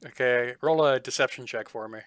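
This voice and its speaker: A man runs a tabletop game, describing each room in halting, filler-heavy narration. His voice is bright and forceful. The sound is close and dry, with no room around it. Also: mid-range voice, dry recording. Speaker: game master.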